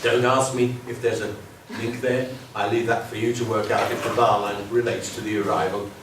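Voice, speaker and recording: A man giving an academic lecture with musical examples, talking in a lively, digressive way, humming and counting beats. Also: on the low side, moderate pace, noisy background. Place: university lecture room. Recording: very echoey hall from far off, with music.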